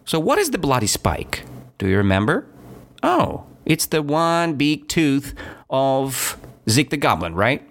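Male language teacher: slow, very lively pitch, keeps asking "right?" while he walks the class through a story. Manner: repeats and checks understanding with "right?" and "okay?". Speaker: English teacher.

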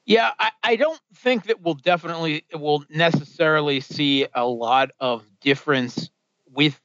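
A man, a guest analyst on a talk show, giving political commentary in a measured way, with many fillers and restarts. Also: a little high, fairly bright tone, no echo, muffled recording.

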